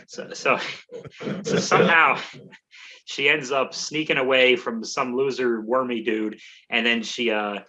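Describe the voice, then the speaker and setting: A man's voice: mid-range voice, sharp tone, muffled recording. Rambling, profane male comedian. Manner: rambling, profane, self-mocking storytelling with stumbling restarts. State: out of breath. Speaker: comedy podcast host. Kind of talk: comic movie recap.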